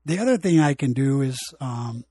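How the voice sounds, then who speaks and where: A man's voice: medium pitch, lively intonation, normal speed, dark tone, slightly rough, no echo. A man hosting his own podcast, talking in a rambling, blunt and opinionated way. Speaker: podcast host. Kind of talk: casual solo podcast monologue. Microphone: home recording equipment.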